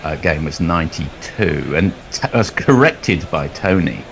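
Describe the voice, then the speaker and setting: Deep-voiced man telling rambling cricket anecdotes. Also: animated, a little slow, vocal fry, background noise. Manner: rambling storyteller, chuckles often. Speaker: cricket commentator. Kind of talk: ball-by-ball commentary mixed with anecdotes.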